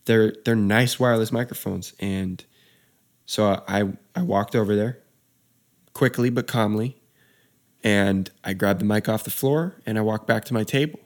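Young male storyteller, casual, slightly low voice, easygoing. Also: unhurried. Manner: laid-back, says dude and you know a lot. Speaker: wedding DJ telling a story.

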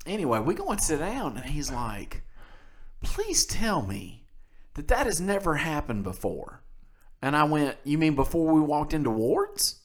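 A man's voice: fairly high pitch, sing-song, unhurried. A man from South Mississippi co-hosting a casual podcast, telling a story with a voice that rises and falls a lot. He laughs often and keeps his delivery loose and chatty. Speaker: podcast co-host.

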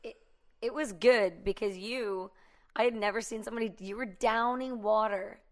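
A woman's voice: fairly high pitch, steady tone, moderate pace. A young woman in casual chat, recalling events with a friend in a chatty, laughing way.

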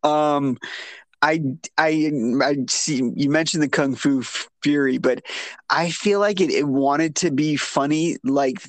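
Chatty man, slightly high voice. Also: slow, no room sound. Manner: rambling, self-interrupting, animated when incredulous. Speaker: podcast co-host. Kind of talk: casual film review chat.

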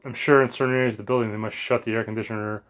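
A man's voice: lowish voice, steady tone, racing, fairly bright tone. An American man rambling in a casual monologue at home, sweaty from exercise, full of fillers and restarts. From United States. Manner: chatty, meandering, frequent fillers and restarts. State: sweaty and warmed up after exercise. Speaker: vlogger. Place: home bedroom.

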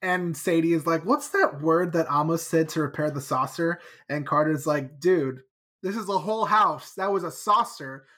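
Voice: medium pitch, normal speed, a bit bright. A podcast host casually recapping a book chapter in a chatty, playful way.

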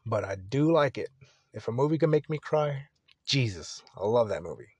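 A man's voice: medium pitch, animated, normal speed, darkish tone, breathy edge, dry recording. A young man hosting a solo podcast, talking casually in a rambling, profane, laid-back way. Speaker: podcast host.

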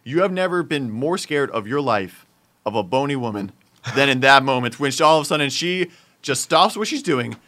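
Young guy with a bright forceful voice, telling a work story, gets loud and worked up. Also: medium pitch, normal speed. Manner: animated, builds up to loud exclamations. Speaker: storyteller in a group chat.

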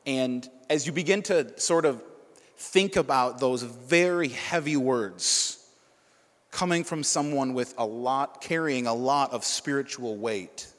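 A man's voice: medium pitch, takes it slowly, in a large hall. A male preacher giving Bible teaching, reading scripture aloud and breaking off for casual asides to the listeners.

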